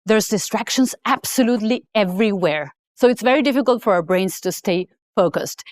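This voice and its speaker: A woman author giving a motivational talk, telling a personal story in an emphatic, animated way. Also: medium pitch, brisk, no room sound. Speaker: author and speaker.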